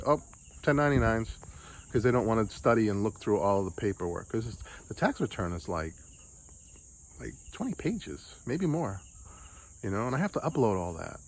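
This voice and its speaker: A man from the United States venting in a casual vlog, frustrated, swearing and repeating himself. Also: on the low side. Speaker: vlogger. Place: home in the Philippines.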